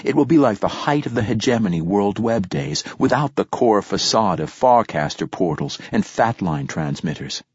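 Low, husky male audiobook narrator. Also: expressive, normal speed, few pauses, dry recording. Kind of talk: first-person audiobook narration. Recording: dull, dry lo-fi recording.

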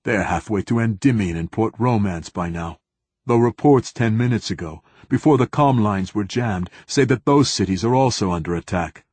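A man playing a cocky pilot, low husky voice, offhand delivery. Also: moderate pace, darkish tone, no room sound. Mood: confident. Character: male pilot, brash and cheerful.

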